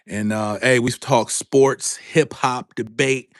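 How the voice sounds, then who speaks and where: Man, sports stream host, slow drawn-out delivery, dry close sound, repeats himself to viewers. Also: mid-range voice, fairly even intonation, no echo. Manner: drawn-out, repetitive, calling out to viewers. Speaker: sports talk show host. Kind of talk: live-stream reaction talk. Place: home studio with a green background.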